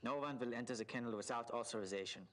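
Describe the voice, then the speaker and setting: A man's voice: mid-range voice, natural voice. An actor voicing a plain, literal adult male zookeeper with a German accent in a video game. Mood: matter-of-fact. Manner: flat, matter-of-fact, short halting answers.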